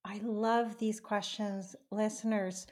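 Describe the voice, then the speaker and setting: A woman's voice: medium pitch, flat delivery, takes it slowly, noisy background. Encouraging woman podcast host. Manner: warm encouraging, speaks directly to listeners. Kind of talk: casual podcast chat to listeners.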